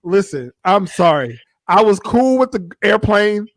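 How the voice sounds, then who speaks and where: A man's voice: sits high, big pitch swings, unhurried, dry recording, studio quality. A man co-hosting a casual live review chat over a video call, joking, teasing and playfully apologizing. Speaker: co-host.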